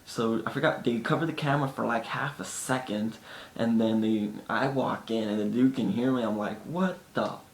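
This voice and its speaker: A man's voice: steady tone, moderate pace. A man telling casual stories to the camera in a chatty way, sometimes acting out his friends' lines. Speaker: vlogger. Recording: echoey room with faint rumble.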